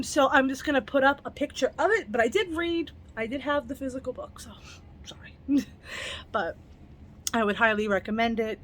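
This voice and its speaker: A fairly high-voiced young woman talks through a book review at home late in the evening, chatty and eager though plainly tired. A faint hiss of room noise sits under her voice. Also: fairly bright tone. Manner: chatty, enthusiastic, laughs often. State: tired, yawning. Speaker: book reviewer, channel host. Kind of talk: casual book review vlog.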